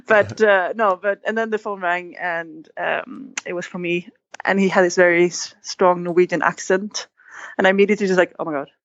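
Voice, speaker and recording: A woman's voice: lowish voice, fairly even intonation, moderate pace, fairly bright tone, no echo. A woman guest in an interview, telling a story with animation and acting out quoted lines. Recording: dull, dry sound.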